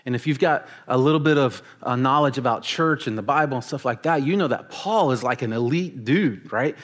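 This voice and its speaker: A man preaching a casual, animated sermon to teenagers, joking with them and acting out the stories he tells. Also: medium pitch, fairly quick. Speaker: youth pastor.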